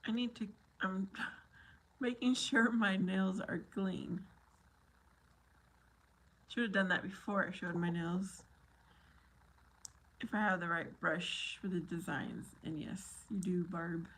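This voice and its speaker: A woman chatting slowly and easily on a livestream. She giggles often and answers her viewers by name in a light, playful way. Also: lowish voice, steady tone, a bit bright. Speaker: livestream host. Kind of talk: casual live chat answering viewer comments.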